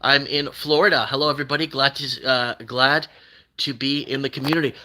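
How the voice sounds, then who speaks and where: A man's voice: medium pitch, flat delivery, fairly quick, pushed and bright. An older man from Canada hosting a casual live stream, rambling and reading out viewer comments. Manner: rambling, reads out viewer comments, restarts often.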